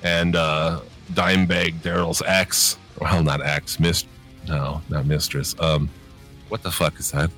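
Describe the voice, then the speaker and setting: A man's voice: very deep voice, level tone, slow, a bit bright, soft background music. A man co-hosting a podcast in casual chat, rambling with many fillers and frequent swearing. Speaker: podcast co-host.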